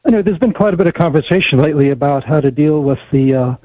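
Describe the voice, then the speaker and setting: A male caller with a husky, fairly high voice speaks hesitantly, with many fillers. He is heard over a tinny, dry phone line. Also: lively intonation, fast, no echo. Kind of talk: call-in radio conversation.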